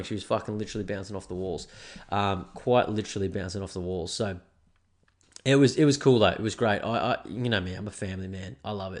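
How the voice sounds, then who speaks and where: A young Australian man with hay fever, hosting a podcast in a rambling, laid-back chat that is full of swearing. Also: fairly low pitch. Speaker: podcast host. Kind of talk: casual solo podcast chat.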